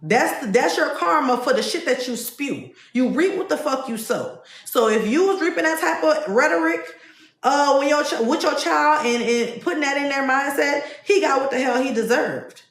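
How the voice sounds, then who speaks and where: A woman's voice: high-pitched, expressive, moderate pace, reverberant. A woman hosting a podcast livestream, ranting bluntly and profanely about the news. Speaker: podcast host. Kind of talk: casual livestream commentary.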